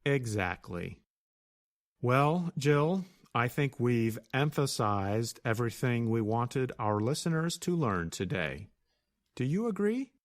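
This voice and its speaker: A man co-hosting a scripted English lesson, speaking slowly and carefully with a melodic, rising and falling pitch. He explains each point plainly and spells words out letter by letter for learners. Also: sing-song. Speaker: co-host and English teacher. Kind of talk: scripted teaching dialogue.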